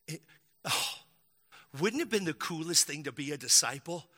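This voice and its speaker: A man preaching a sermon, telling the story with lively acted-out quotes and jokes to the crowd. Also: a little high, moderate pace, pauses often. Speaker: pastor. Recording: long hall reverb.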